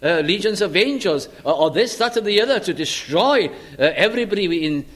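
A man preaching a sermon in an earnest, measured way, with frequent stammered restarts. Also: sits high, expressive, fairly bright tone.

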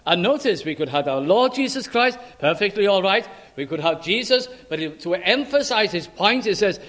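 A preacher with a high-pitched voice delivers a sermon, leaning slowly and heavily on quoted scripture. He pauses to put rhetorical questions to his listeners. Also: lively intonation, fairly bright tone. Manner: slow, emphatic scripture reading with rhetorical questions.

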